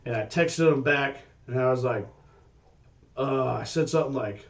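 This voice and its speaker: A man co-hosting a casual podcast, telling stories in an animated way and swearing freely. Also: medium pitch, moderate pace, gravelly, distant mic. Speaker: podcast co-host. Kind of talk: casual chat.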